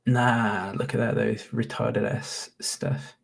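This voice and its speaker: A man's voice: mid-range voice, little pitch movement, takes it slowly, gravelly, few pauses. A man in his late twenties with a Northern English accent, rambling and swearing through casual reaction commentary. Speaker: YouTuber.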